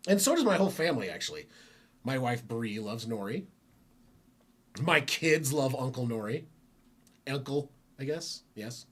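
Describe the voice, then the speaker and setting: A man's voice: mid-range voice, very animated, moderate pace, long pauses, breathy edge. A man hosting a live football reaction stream from home, talking casually in a rambling, self-correcting way. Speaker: sports stream host.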